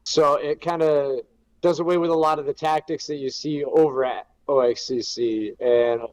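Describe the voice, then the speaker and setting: A man's voice: fairly high pitch, fairly even intonation, normal speed, darkish tone, poor audio. A man chatting casually on a panel, upbeat and promoting an event. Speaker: guest, event commander.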